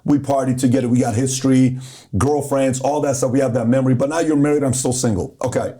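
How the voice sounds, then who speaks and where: Mellow-voiced man telling a story. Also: mid-range voice, fairly even intonation, fast. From Iran. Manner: storytelling with acted-out quotes. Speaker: host. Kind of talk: casual chat.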